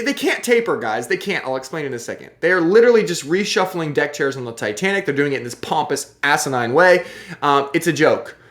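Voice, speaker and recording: A video host giving casual, ranting commentary over a screen share, animated and sarcastic, often checking in with the viewer. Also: mid-range voice. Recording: roomy echo.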